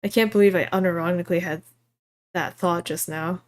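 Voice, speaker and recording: A woman voicing a bitter, sharp-tongued old lady. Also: fairly low pitch, steady tone, close to an everyday voice. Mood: puzzling. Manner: sharp-tongued, quick to curse and lash out. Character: bitter, suspicious old woman trapped in a time loop. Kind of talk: streamer voicing a visual novel. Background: game music.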